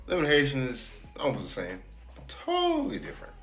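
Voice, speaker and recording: A young man from Florida talks casually to the camera, animated and quick to mimic others. His voice swings widely in pitch. The room is echoey, with faint music underneath. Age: young adult. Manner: animated storytelling, quotes people in exaggerated voices. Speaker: channel host. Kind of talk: casual chat.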